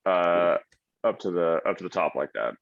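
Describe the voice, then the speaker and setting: A man's voice: deep voice, animated, moderate pace, creaky, muffled recording. A man narrating as game master of a tabletop game, hesitant, with many fillers and restarts.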